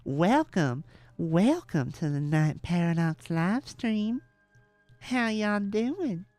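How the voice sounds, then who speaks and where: A man's voice: high-pitched, very animated, takes it slowly, a little mellow, dry recording, faint music behind, voice pushed up, exaggerated voice. A man putting on a drawling Southern mom. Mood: folksy welcome. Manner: drawling, homey greetings. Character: folksy Southern US mom, cheerful host.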